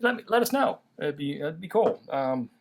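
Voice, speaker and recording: A man's voice: on the high side, big pitch swings, moderate pace, gravelly. A man hosting a casual toy review chat, laughing easily and restarting his sentences. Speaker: toy review channel host.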